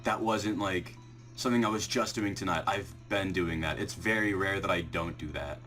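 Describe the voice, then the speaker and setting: A young man recording a vlog, swinging from ecstatic shouting and laughter to quick, low explanations, shaky and breathless with excitement. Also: faint music behind. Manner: quiet muttered counting. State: shaking with excitement, heart racing. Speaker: shiny hunting video creator. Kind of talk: excited live reaction vlog.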